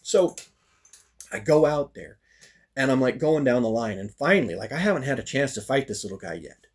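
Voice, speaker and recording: Husky man telling a casual story. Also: medium pitch, normal speed. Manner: animated, acts out quoted lines, frequent fillers. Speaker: storyteller recounting a fighting practice.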